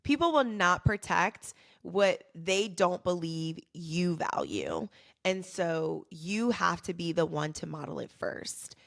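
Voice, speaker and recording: Woman podcast host, low with vocal fry, earnest encouraging faith talk. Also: very animated, takes it slowly, fairly bright tone. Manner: earnest and encouraging, repeating key phrases for emphasis. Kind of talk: faith-based motivational podcast monologue.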